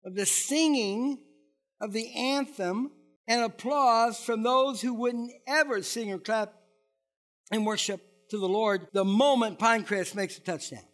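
High-voiced male pastor preaching. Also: a bit bright. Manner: conversational, digressive, asks the congregation questions. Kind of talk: sermon.

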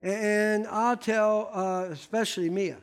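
Older man preaching with a high voice. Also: steady tone, slow pace, clean tone, soft background music. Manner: emphatic, repeats key words, swings from loud to hushed. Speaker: pastor. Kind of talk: sermon.

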